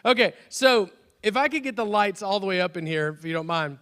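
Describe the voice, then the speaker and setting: A high, bright-voiced man leading a youth service, chatty and prone to restarts. His words ring out with a long reverb from a large church hall. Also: animated, a little fast. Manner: chatty, restarts often, jokes self-deprecatingly. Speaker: youth pastor. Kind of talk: youth service announcements and prayer.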